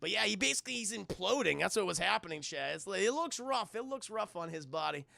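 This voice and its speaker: A man's voice: high-pitched, animated, quick pace, vocal fry, pushed and bright, dry recording. A man streaming a rambling, profane film recap, laughing and acting out scenes as he talks to chat. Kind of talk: casual livestream chat.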